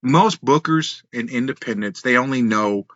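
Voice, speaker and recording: A man guest telling road stories in casual, animated talk, laughing and swearing freely. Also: medium pitch, moderate pace, no echo, muffled recording. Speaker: wrestling guest. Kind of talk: casual storytelling.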